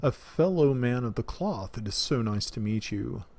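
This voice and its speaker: A man's voice: medium pitch, expressive, moderate pace, a little mellow, a little hiss or hum, lightly acted. A man doing a hearty, muscular head priest. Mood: welcoming. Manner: formal, welcoming.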